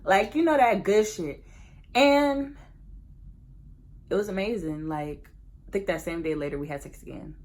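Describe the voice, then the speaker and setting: A young woman, telling a candid, animated personal story as a casual storytime vlog, full of slang and laughter. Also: mid-range voice, unhurried, long pauses. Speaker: vlogger.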